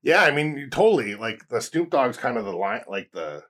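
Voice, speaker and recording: Lively husky man in casual chat. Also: mid-range voice, brisk. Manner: animated, swearing, laughing. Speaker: podcast co-host.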